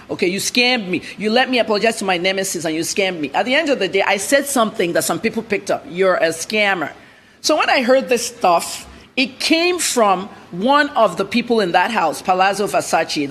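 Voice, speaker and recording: A woman's voice: medium pitch, slight background noise. A middle-aged woman journalist answering interview questions bluntly and emphatically, jumping from point to point. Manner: blunt, emphatic, jumps between topics.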